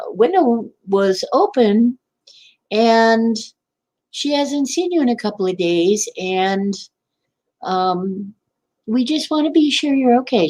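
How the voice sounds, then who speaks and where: A woman's voice: on the high side, darkish tone, pitched above the performer's own voice, low-quality recording. Woman putting on a polite late-night police officer.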